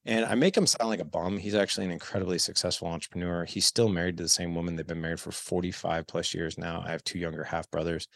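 A man's voice: sits low, flat delivery, quick pace, vocal fry, few pauses, a bit bright, dry recording, clean studio sound. A man in his thirties, a podcast guest, telling a candid personal story and acting out the dialogue. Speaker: podcast guest, parenting coach. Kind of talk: casual storytelling interview.

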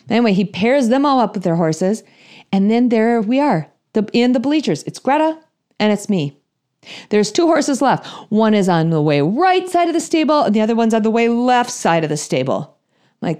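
A woman in her thirties or forties telling a humorous personal story in an animated, self-deprecating way, acting out her own thoughts. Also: on the high side, moderate pace.

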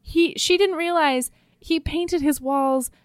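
Animated woman retelling a story. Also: high-pitched, slow, no room sound, clean studio sound. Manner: animated, acts out characters' lines while retelling. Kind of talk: casual chat, retelling a romance novel.

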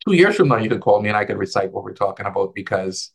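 A man talking casually as a guest on a video call, an advisor who tells animated stories and acts out the dialogue in a lifted voice. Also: lowish voice, fast, creaky, husky. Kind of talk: casual conversational storytelling.

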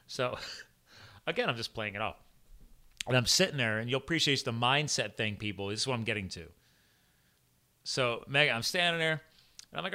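Male storyteller, firefighter type, very bright tone, animated and chatty. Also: mid-range voice, fairly quick. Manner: animated retelling, acts out dialogue with lots of "I'm like". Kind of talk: casual storytelling chat.

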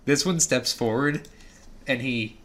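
A man's voice: medium pitch, slow pace, fairly bright tone. A man running a tabletop game as game master, narrating with many hesitations and fillers.

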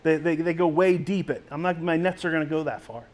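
A man's voice: a little high, a little fast, a little mellow, lightly acted. A man voicing an exasperated male fisherman who talks back in a casual, incredulous, slangy way.

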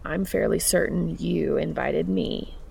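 Female reader voicing a quiet, formal young man on a first date; low, hushed, a little gravelly. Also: unhurried, slight background noise, full character voice. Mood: gentle. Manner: low, quiet and close, soothing. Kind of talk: audiobook reading of fan fiction.

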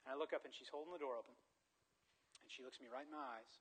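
Animated, bright-voiced male preacher. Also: mid-range voice, fast talker, slightly rough, poor audio. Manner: animated storyteller, swings from loud excitement to quiet earnestness. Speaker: pastor. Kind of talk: sermon with personal story.

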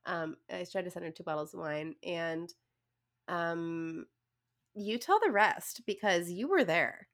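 A woman's voice: on the low side, lively intonation, a little slow, a bit bright. A woman in casual chat, rambling and laughing often.

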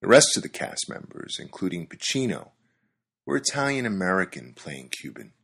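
A man with a very low, husky voice who reads a scripted monologue. His delivery is wry and conversational, with an amused edge. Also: very animated, normal speed, a bit bright. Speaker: commentator.

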